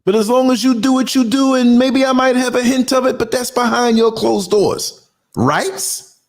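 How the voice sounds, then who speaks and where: In a very high voice at normal speed, a man in his sixties from the United States rants on the podcast he hosts. As a culture critic, he's indignant and fiery, with heavy emphasis.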